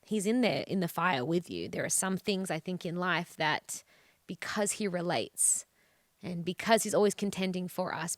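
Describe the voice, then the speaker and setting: A woman's voice: fairly low pitch, dry recording. A woman with an Australian accent, a guest on a faith TV show, speaking earnestly and encouragingly about her testimony.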